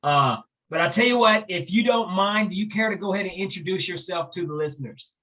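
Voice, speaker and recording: A man's voice: sits high, brisk, bright, forceful tone. A man hosting a podcast interview, folksy and hesitant with lots of fillers. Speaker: podcast host. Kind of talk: casual interview chat.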